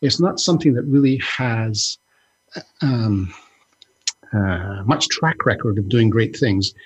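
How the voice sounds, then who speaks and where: A man's voice: fairly low pitch, expressive, takes it slowly, breathy edge. A man co-hosting a podcast in casual chat, rambling and breaking off his own sentences, with the odd joke. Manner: rambling, self-interrupting, joking. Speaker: podcast co-host.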